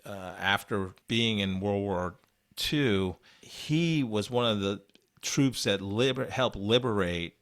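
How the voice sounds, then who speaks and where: A man's voice: fairly low pitch, takes it slowly, a bit bright. A man co-hosting a podcast, recapping an interview in casual, rambling chat with many restarts and fillers. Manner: rambling, frequent restarts and "you know". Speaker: podcast co-host.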